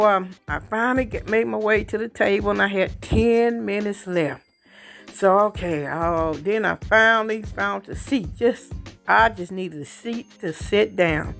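A woman podcast host telling a personal faith testimony in a halting way, repeating words and rising in pitch when excited. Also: creaky. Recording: faint music behind.

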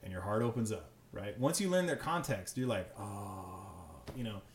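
A man, a teacher and podcast guest, telling classroom stories in animated casual chat, full of "like" and restarts. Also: lowish voice, slight background noise. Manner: fast, animated storytelling with many fillers. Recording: echoey room.

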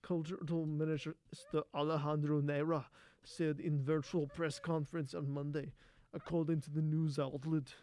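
A man putting on the voice of a gruff male action star, reading a news story in a stiff, halting way. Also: a little high, flat delivery, dark tone, natural voice. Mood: mock-serious. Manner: stiff, halting, stumbles over words.

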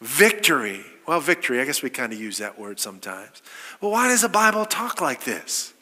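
A man's voice: mid-range voice, big pitch swings, moderate pace, sharp tone, long reverb tail. A man preaching a sermon, quoting scripture and asking his listeners rhetorical questions with emphasis.

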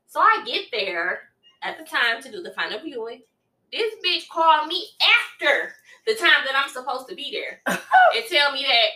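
A woman chatting casually and telling a story in a profane, animated way, with loud outbursts. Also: fairly high pitch, echoey room, distant mic. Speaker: podcast co-host.

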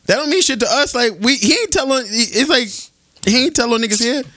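A man co-hosting a casual podcast, talking in animated, slangy banter and laughing often. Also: very high voice, a little fast, dry recording, clean studio sound. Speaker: podcast co-host.

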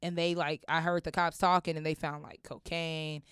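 A woman's voice: low voice, moderate pace, clear, resonant tone, no room sound, clean studio sound. A young woman, telling a personal story casually, acting out voices and swearing freely. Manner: animated, acts out voices, swears often.

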